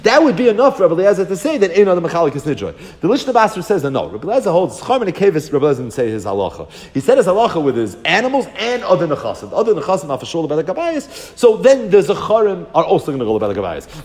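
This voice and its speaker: A man giving a Talmud lesson, explaining quickly and weaving Hebrew and Aramaic terms into his English. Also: high-pitched, a little mellow, big-room sound. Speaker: Talmud teacher. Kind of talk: Talmud lecture.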